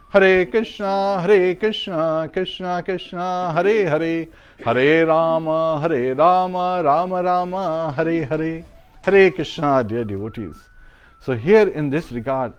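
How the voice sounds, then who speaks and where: A man's voice: medium pitch, darkish tone. A man giving a devotional sermon as a spiritual teacher, chanting verses and mantras and telling a parable.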